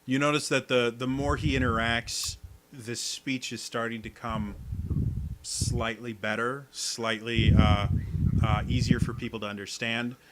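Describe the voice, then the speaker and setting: A man's voice: medium pitch, little pitch movement, measured pace, slight background noise. A man narrating as game master of a tabletop game, describing scenes with many fillers.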